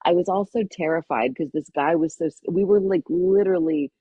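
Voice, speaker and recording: A middle-aged woman guest on a podcast, telling a personal story with lively energy and acting out the voices of people in it. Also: sits low, brisk, husky, no echo, dull audio. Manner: lively storyteller who acts out quoted voices.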